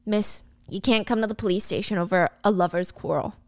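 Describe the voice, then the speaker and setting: A woman's voice: medium pitch, steady tone, a little fast, dry recording, close to an everyday voice. A woman voicing a condescending male police officer who brushes off a complaint, in a dry close recording. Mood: dismissive.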